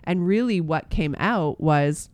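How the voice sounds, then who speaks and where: A man, a pastor, telling a personal faith story in casual chat, earnest and halting with many fillers and restarts. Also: a little high, expressive, darkish tone, dry recording.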